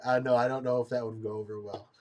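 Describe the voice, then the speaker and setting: A young man hosting a casual chat, giggly and hesitant, with many pauses and ums. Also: medium pitch, flat delivery, darkish tone, a little hiss or hum. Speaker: host.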